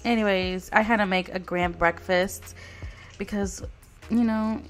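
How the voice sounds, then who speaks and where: A woman's voice: medium pitch, steady tone, a little slow, faint music behind. Sassy, swearing woman commentating a game. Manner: sassy, profane, chatty, talks to viewers. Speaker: gameplay commentator. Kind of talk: casual let's play commentary.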